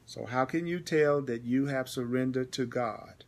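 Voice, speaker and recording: Emphatic man giving a spiritual lesson. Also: medium pitch. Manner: repetitive, emphatic, slows down deliberately when reading; answers viewers' comments by name. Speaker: spiritual teacher. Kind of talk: live-streamed spiritual teaching.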